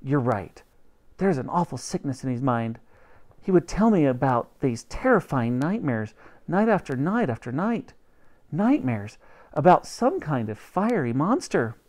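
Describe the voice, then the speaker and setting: A man reading a storybook aloud, voicing a gentle, worried queen mother who speaks softly and tenderly. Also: on the high side, big pitch swings, measured pace.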